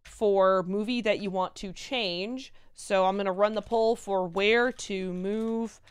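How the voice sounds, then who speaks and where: A woman's voice: mid-range voice, fairly even intonation, slow pace, clear, resonant tone. A woman co-hosting a livestream panel, reading out viewer donations and chatting casually. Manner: upbeat, laughs easily, reads chat messages aloud.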